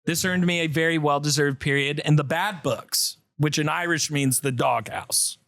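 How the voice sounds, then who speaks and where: A man with a fairly high voice reads a listener's letter aloud with animated, comic flair. The close studio mic gives a dry, intimate sound with no room echo. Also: moderate pace, gravelly. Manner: animated storytelling, breaks into laughter. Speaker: podcast co-host. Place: podcast studio.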